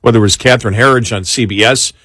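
A man hosting a political talk show, talking in an exasperated, animated way with many restarts. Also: mid-range voice, fast, no echo, clean studio sound. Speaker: talk radio host.

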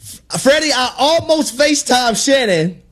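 A man's voice: very high-pitched, expressive, a little slow, fairly bright tone. A man co-hosting sports talk radio, telling stories with an exuberant, preachy delivery and playful quotes.

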